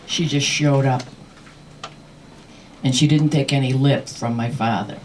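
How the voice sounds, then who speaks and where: A woman host telling a comic personal story live in a cafe, animated and often laughing, recorded from a distance. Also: a bass voice, unhurried. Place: cafe performance space. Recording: distant mic with faint room noise.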